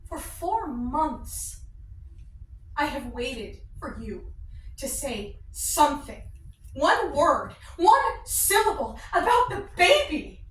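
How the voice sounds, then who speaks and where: Actress as young pregnant wife, halting forced calm, very high bright voice, roomy far-off mic. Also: female voice, a little hiss or hum, exaggerated voice. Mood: bitter. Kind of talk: dramatic scene acting. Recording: roomy distant mic, faint ambience.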